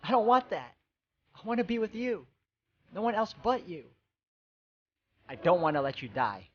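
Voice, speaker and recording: A man's voice: high voice, animated, moderate pace, muffled recording, voice pushed up. A man voicing a frantic young woman. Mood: pleading. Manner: frantic, pleading, raised voice. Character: desperate young woman pleading for her lover. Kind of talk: reading game dialogue aloud.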